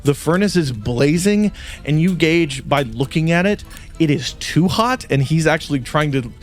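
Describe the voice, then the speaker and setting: A man's voice: a little high, normal speed, faint music behind. A man running a tabletop game as game master, narrating scenes and slipping into character voices. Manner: animated, switching into character voices.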